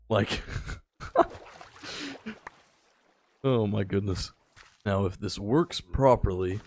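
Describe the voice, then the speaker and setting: A tired young man giving relaxed, rambling live-stream commentary while he plays, chatting with his viewers. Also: on the low side, slow pace, long pauses, faint music behind. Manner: laid-back, rambling, chats with viewers. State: a little tired. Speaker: gaming streamer.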